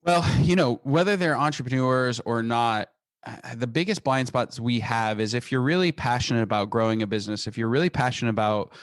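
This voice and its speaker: Energetic founder in a dry interview. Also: male voice, mid-range voice, fairly quick, dry recording. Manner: energetic, frequent restarts and repeated words. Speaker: company founder, interview guest. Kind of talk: conversational podcast interview.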